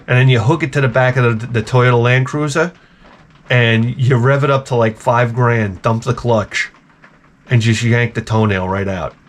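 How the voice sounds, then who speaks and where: A man's voice: mid-range voice, fairly even intonation, moderate pace. A man hosting a retro gaming channel, ranting in a profane, rambling, sarcastic way. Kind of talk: casual comedic rant.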